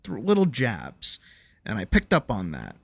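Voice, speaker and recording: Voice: medium pitch, huge pitch swings, a little slow, creaky, no echo. A young adult streamer telling a candid personal story to a live chat from a home room, reflective and hesitant, with many ums and restarts.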